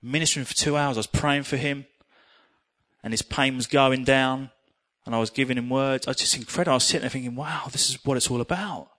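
A middle-aged man preaching a sermon, telling personal stories in an earnest, animated way. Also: mid-range voice, fast talker.

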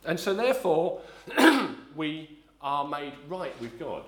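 A middle-aged preacher from south-east London works through a sermon in a loose, conversational way, correcting himself and filling pauses with ums. His voice sits in an echoey church space. A faint hum of room noise runs underneath. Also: a little high, big pitch swings, a bit bright. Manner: rambling, self-correcting storyteller, frequent ums. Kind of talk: sermon with a personal story.

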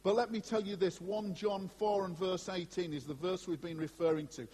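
A man preaching a sermon to a congregation in an animated, conversational way, with asides to his listeners. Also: sits high, moderate pace, slightly rough. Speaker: pastor. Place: church before a congregation. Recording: long hall reverb.

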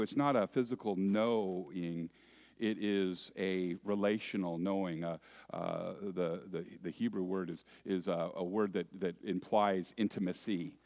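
A man preaching a sermon, deliberate, lifting key phrases with emphasis and dropping into quiet asides. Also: deep voice. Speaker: pastor.

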